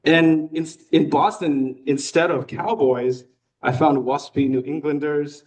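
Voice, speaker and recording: A man's voice: fairly high pitch, fairly even intonation, unhurried, darkish tone. A man in his thirties from Hong Kong with an American accent, giving a prepared personal speech to a club with self-deprecating humor and occasional filler words. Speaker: new club member giving a talk. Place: meeting room. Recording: voice picked up from a distance.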